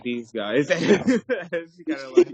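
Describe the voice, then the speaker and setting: A young man playing a tabletop game, halting and giggly as he describes his character. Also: sits high, muffled recording. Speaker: player.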